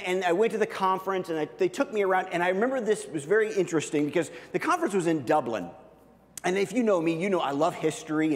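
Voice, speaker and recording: Animated pastor telling a story, echoey hall. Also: male voice. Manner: animated storytelling, acts out voices with big pitch jumps. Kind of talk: sermon with personal story. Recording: long hall reverb.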